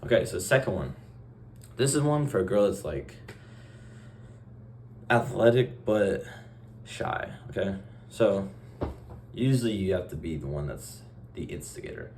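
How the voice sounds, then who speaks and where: A young man in a casual vlog monologue, talking in a rambling, offhand, deadpan way and acting out short bits of dialogue. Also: deep voice, a little slow, long pauses, slight background noise. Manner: acts out short dialogue exchanges. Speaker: vlogger.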